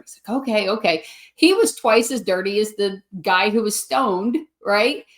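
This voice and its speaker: A woman's voice: mid-range voice, normal speed. A woman from Kentucky cohosting a comedy podcast, chatting casually and laughing through her stories. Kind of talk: casual chat, storytelling.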